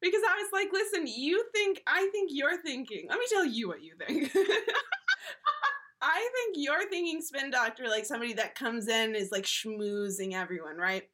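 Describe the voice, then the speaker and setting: A woman co-hosting a podcast in casual chat, animated and acting out the voices she quotes. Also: fairly high pitch, moderate pace. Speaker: podcast co-host.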